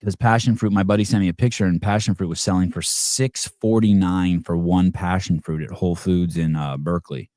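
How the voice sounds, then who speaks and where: Deep-voiced man rambling through a casual story. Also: steady tone, brisk, hardly any pauses, warm tone. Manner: rambling and conversational, swears casually, many fillers and restarts. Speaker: podcast host.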